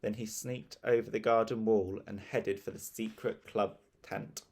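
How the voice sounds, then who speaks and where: Gravelly-voiced man reading a children's story. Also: fairly low pitch, fairly even intonation, unhurried, darkish tone. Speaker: audiobook narrator. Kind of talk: scripted storybook narration.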